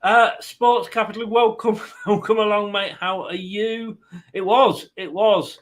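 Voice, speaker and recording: A man's voice: sits high, steady tone, unhurried. A man hosting a football watchalong stream, mixing live match commentary with rambling, self-mocking jokes.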